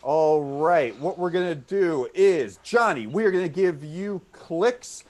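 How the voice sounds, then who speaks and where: Male host of an online improv show, somewhat high and very animated, upbeat and quick to echo every suggestion. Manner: upbeat, repeats suggestions back, yells freeze. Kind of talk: online comedy game hosting. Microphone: video call.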